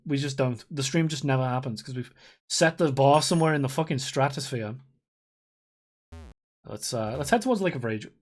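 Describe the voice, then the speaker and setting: A streamer in their thirties, chatting casually and rambling while playing a game, swearing freely and laughing often. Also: medium pitch. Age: 30s. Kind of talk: casual live-stream chat while gaming.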